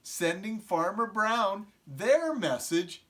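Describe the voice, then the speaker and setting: A middle-aged man reading a picture book aloud to preschool children, often stopping to ask them questions. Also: sits high. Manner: slow, animated, asks the children questions. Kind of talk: storybook read-aloud to young children.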